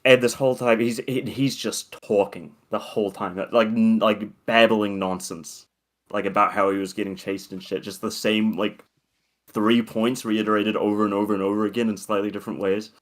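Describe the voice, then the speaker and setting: A man's voice: on the low side, flat delivery, moderate pace. A young man co-hosting a podcast, telling a long story in a rambling, profane, casual way. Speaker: podcast co-host.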